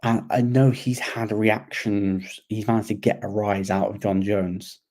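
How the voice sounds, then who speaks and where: A man co-hosting a casual sports chat, talking in an animated, rambling way and often repeating himself. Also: lowish voice, measured pace. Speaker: podcast co-host.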